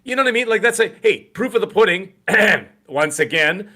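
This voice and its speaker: A middle-aged man co-hosting a gaming podcast in rambling, animated casual chat with many restarts. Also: high-pitched, normal speed. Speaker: podcast co-host.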